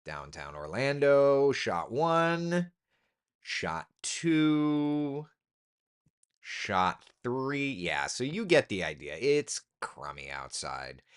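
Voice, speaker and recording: A man, a TV meteorologist, chatting casually through the weather, relaxed and talkative with asides and fillers. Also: fairly low pitch. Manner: relaxed, chatty, thinking aloud with ums and asides.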